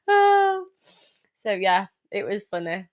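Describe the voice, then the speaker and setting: Lively woman telling stories. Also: mid-range voice, takes it slowly. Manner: animated storytelling, frequent laughter, acts out quotes. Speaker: podcast co-host. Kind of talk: casual chat.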